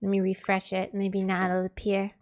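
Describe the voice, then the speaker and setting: A woman's voice: medium pitch, monotone, normal speed, a little mellow. A woman streaming live, chatting casually and exasperatedly with her viewers in a rambling way. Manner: exasperated, rambling, talks to chat.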